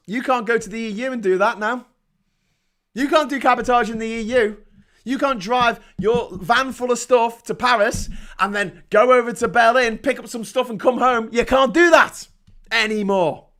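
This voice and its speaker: A middle-aged British man with a high-sitting voice rants about politics and swears heavily. He keeps breaking into sarcastic mocking voices as he hosts his show. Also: pushed and bright. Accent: British English. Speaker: host of a livestream rant show. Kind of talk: angry political rant.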